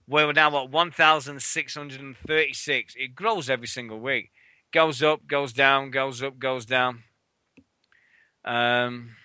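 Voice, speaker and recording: A man's voice: mid-range voice, no echo. A British man co-hosting a wrestling radio show, ranting in casual, sweary chat. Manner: swearing, excitable, fast ranting.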